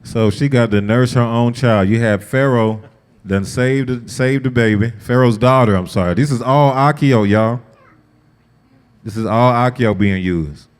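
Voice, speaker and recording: Animated man teaching in a reverberant hall. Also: mid-range voice, measured pace, smooth. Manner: lively, talks straight to the group, asks them questions. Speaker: Bible study teacher. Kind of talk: conversational sermon-style lesson.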